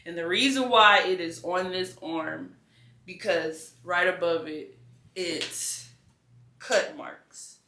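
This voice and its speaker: A woman's voice: fairly low pitch, takes it slowly, pushed and bright. A young adult woman giving an earnest, conversational personal faith testimony as an interview guest, with casual slang. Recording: echoey room.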